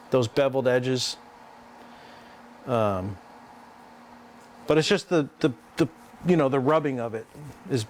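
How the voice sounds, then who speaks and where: A man hosting a live art stream, explaining his work in a halting, rambling way with lots of restarts. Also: medium pitch, slight background noise. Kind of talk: casual live-stream chat while working.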